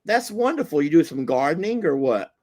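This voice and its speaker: Lively folksy man host. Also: on the high side, brisk. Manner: warm folksy teasing, laughs easily. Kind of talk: casual live-stream chat with callers.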